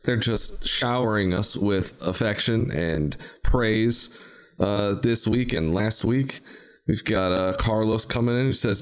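A man's voice: lowish voice, takes it slowly, clear, resonant tone. A man hosting a podcast in casual chat, telling rambling, jokey stories. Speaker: podcast host.

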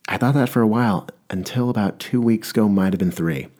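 A young man with a low, husky, mellow voice delivers a brisk comedic rant in a mock-earnest, playful tone. He rambles, breaking off mid-sentence to restart his thoughts.

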